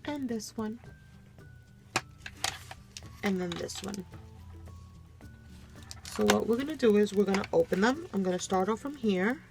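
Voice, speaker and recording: A woman hosting a crafting channel, casually showing off a gift package, gushing over every item and talking straight to viewers. She sounds a bit low on energy as she comes down with a cold, recording at her craft desk at home. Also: animated, measured pace, long pauses, over music. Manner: gushing, keeps addressing viewers as "you guys". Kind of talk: casual show-and-tell unboxing.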